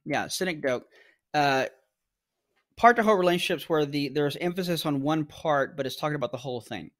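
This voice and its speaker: A man as a podcast guest explaining ideas in casual conversation, using everyday examples. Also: a little high. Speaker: guest apologist.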